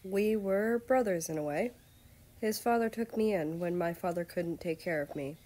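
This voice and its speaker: A woman voicing a calm, formal young guard. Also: fairly low pitch, normal speed, natural voice. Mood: reflective. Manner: formal, polite and even. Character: calm reserved young male royal guard.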